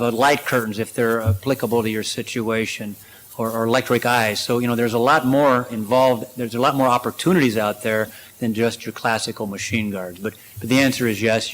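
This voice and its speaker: A man at a conference lectern takes questions and answers them in a plain, practical way. His talk is loose and conversational, full of "you know" and "uh". His voice sits at a middle pitch for a man. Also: slight background noise, low-quality recording. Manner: practical, conversational, many fillers. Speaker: conference speaker. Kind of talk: presentation and Q&A.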